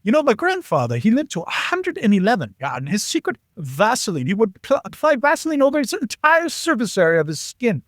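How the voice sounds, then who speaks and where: A man doing a high, thin-voiced young German guy with a put-on German accent, earnest and insistent, unfazed by being naked. It's a storyteller's impression within a podcast anecdote, pitched far above the teller's own voice and recorded dry and close. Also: huge pitch swings, a little fast, few pauses, no echo.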